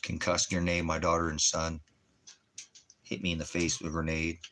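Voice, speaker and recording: A man's voice: low-pitched, monotone, normal speed, pushed and bright. A man at home talking bitterly in a casual monologue, then doting on his dog. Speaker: father and dog owner. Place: at home indoors.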